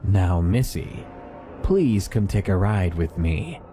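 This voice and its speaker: A man's voice: low-pitched, sing-song, slow pace, mellow, soft background music, heavily acted. A man voicing a creepy hulking trucker. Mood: coaxing. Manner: coaxing, wheedling.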